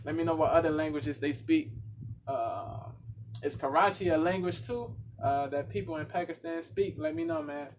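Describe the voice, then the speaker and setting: A man's voice: on the high side, normal speed, slight background noise. An American man reacting to a rap track in casual, slangy talk, often restarting his sentences. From United States. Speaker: music reaction YouTuber.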